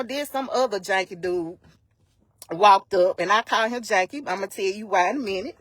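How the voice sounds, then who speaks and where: On a live stream captured by her phone, a woman with a mid-range voice speaks at normal speed in a dry recording. She emphatically retells a personal incident as a vlogger, animated in her storytelling and acting out the quoted dialogue.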